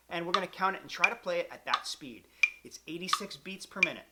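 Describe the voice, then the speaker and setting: A man's voice: fairly high pitch, moderate pace, heavy background noise. A man teaching a clarinet lesson, counting beats aloud in a patient, encouraging way. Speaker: music teacher.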